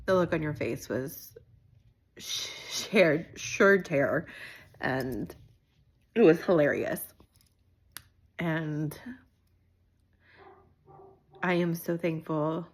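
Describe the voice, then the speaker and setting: A woman giving an emotional birthday tribute to her younger sister, halting and often dropping to a whisper. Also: sits low, husky. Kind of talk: recorded personal birthday message.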